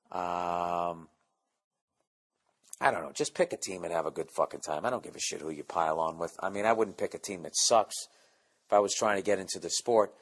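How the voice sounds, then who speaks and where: A man in his forties hosting a podcast, rambling through a casual comedic monologue with profane, sarcastic rants. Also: deep voice. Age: 40s. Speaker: podcast host.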